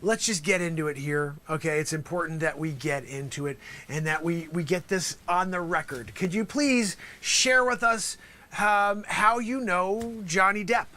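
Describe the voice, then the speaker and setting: A man's voice: high voice, unhurried, pushed and bright. A male host acting out an improvised courtroom sketch as a lawyer, talking theatrically and dropping into whispers for emphasis.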